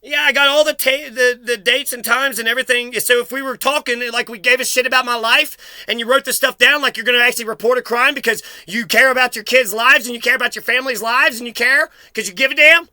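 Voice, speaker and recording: Angry man confronting someone on camera: high, very bright voice, dry close sound, profane and accusatory. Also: fairly even intonation, quick pace, few pauses, clean tone, dry recording. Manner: accusatory, swearing, repeating himself. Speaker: vlogger confronting his mother.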